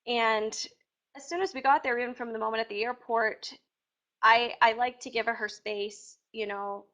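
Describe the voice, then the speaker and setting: A woman answering interview questions casually, chatty and animated, with acted-out quotes. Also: fairly high pitch, moderate pace. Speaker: reality TV contestant being interviewed. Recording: dull lo-fi sound.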